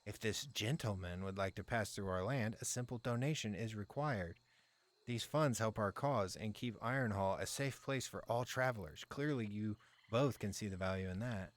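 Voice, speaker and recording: A man's voice: on the low side, moderate pace, lightly acted. A man as a smug, falsely polite mercenary guard. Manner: smooth, mockingly polite.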